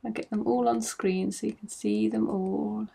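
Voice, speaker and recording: A woman's voice: mid-range voice, flat delivery, moderate pace, gravelly, dark tone, husky. A woman hosting her craft podcast at home, chatting casually to camera in a rambling, self-mocking way.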